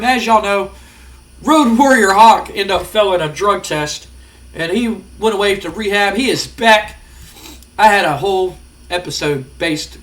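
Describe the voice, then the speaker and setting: A man's voice: sits high, a bit bright. A man giving rambling, casual let's-play commentary, full of fillers. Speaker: gaming channel host.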